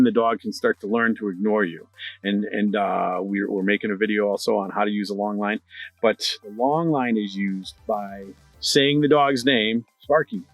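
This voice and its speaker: Energetic male dog trainer, dry sound. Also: mid-range voice, no room sound. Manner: energetic, repeats key points, conversational fillers. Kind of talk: instructional talk to camera.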